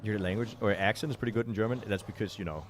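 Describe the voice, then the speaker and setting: Low-voiced streamer chatting casually. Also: male voice, very fast, background noise. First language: Danish. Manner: chatty, answers chat readers, loose and joking. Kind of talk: casual live-stream chat.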